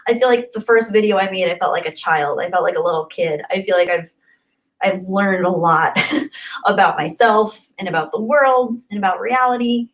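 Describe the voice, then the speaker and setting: A woman's voice: mid-range voice, moderate pace, poor audio. A young woman hosting a livestream, reading chat messages in a bubbly, effusive way and often laughing. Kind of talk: casual live-stream chat.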